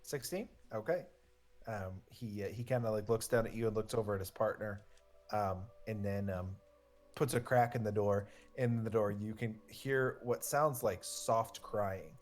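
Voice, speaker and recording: A man's voice: lowish voice, steady tone, normal speed, soft background music. A man narrating as game master of a tabletop game, rambling with many fillers.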